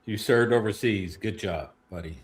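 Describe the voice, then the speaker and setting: A man's voice: fairly low pitch, normal speed. Man making sarcastic asides. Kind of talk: casual chat.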